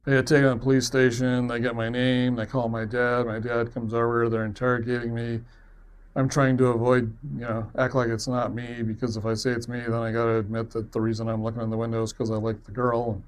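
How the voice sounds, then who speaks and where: A man of medium pitch recounting a story from his own life. He rambles along in a loose, conversational way, self-deprecating, with an easy chuckle here and there. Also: flat delivery, fairly quick. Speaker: web series producer. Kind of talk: personal storytelling.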